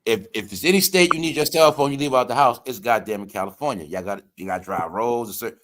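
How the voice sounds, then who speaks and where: A man's voice: medium pitch, quick pace, a bit bright, a little hiss or hum. A man hosting a podcast, talking in a casual, profane and emphatic way and repeating his points. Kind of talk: casual chat.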